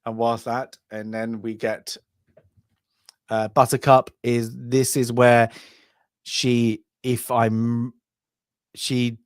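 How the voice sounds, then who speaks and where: A man co-hosting a film review podcast in casual chat, rambling and trailing off, then breaking into loud shouted impressions. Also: mid-range voice, level tone, slow, pauses often, dry recording, clean studio sound. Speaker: podcast co-host.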